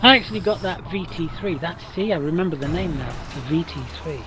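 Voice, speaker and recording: A man with a rough, damaged voice, chatting casually as a streamer while gaming, rambling through stories with many restarts. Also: fairly high pitch, lively intonation, fast, background noise.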